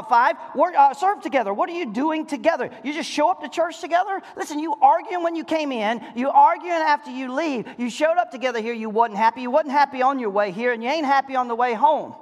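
A middle-aged pastor preaching a sermon to married couples, firing rhetorical questions and acting out voices. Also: male voice, very high voice. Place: church sanctuary. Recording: reverberant church hall.

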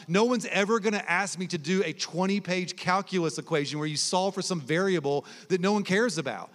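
Male guest preacher, slightly higher voice, animated storyteller, long hall reverb. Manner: animated, conversational storytelling that shifts to soft, low emphasis. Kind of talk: sermon with personal stories. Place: large hall at a college ministry gathering.

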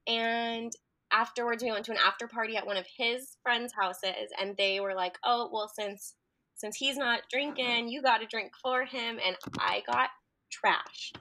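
A woman's voice: on the high side, unhurried. A young woman telling a story in casual chat, laughing often as she talks. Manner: giggly, animated storyteller. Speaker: guest.

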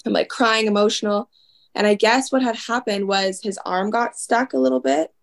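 A woman's voice: mid-range voice, fairly even intonation. A young woman speaks as a podcast guest, telling an emotional story. Her phrases rush and loop back, packed with filler words and quoted asides as she relives each moment. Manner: talks in rushed, looping phrases with many "like"s and acted-out quotes.

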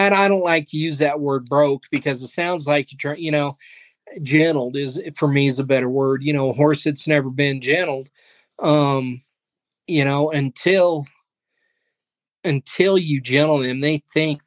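A pastor and guest in a casual interview, speaking in an earnest, faith-driven storytelling way. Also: male voice, a little high, fairly even intonation, measured pace, no room sound. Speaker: pastor and ministry leader, guest.

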